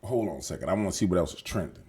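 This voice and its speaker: A man's voice: low-pitched, animated, rapid-fire, dark tone, husky. A man hosting casual news commentary, slangy and emphatic, swearing and repeating himself as he rambles. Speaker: show host.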